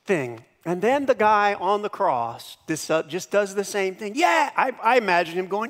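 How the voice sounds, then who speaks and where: A man preaching a sermon as pastor, lively, dropping to hushed tones and bursting into shouted impressions. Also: high voice, a little slow, long reverb tail.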